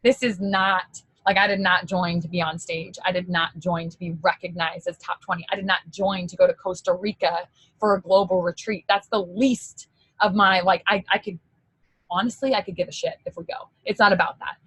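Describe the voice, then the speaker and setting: A woman with a husky, slightly breathy voice gives an emotional, excitable pep talk to her team, peppered with "like" and the odd swear. The sound is close and dry, with no room around her. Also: lowish voice, moderate pace, no room sound, rough recording. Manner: casual, chatty, mild swearing. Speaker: sales team leader.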